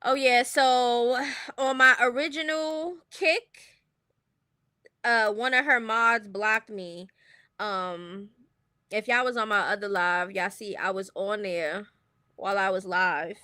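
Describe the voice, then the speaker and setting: A woman's voice: mid-range voice, slow pace, sharp tone, clear, resonant tone, no room sound, clean studio sound. A woman streaming casual commentary, blunt and opinionated, often laughing as she talks.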